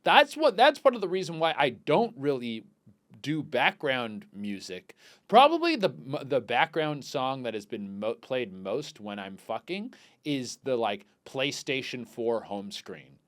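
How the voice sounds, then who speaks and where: Lively crude young man telling stories. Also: mid-range voice, unhurried. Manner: crude, rambling, swings loud and quiet. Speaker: podcast host. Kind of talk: casual comedic storytelling.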